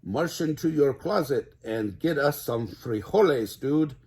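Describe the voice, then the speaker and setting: A man's voice: mid-range voice, animated, unhurried, darkish tone, husky, pitched above the performer's own voice. An older man voicing a boisterous band of tiny male chihuahuas with a mock Spanish accent.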